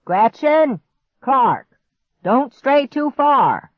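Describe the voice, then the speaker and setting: Woman voicing a shouting old grandpa. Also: high voice, very animated, very slow, dry recording, voice pushed up, heavily acted. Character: cheerful old grandfather calling across a yard. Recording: dry, slightly muffled audiobook recording.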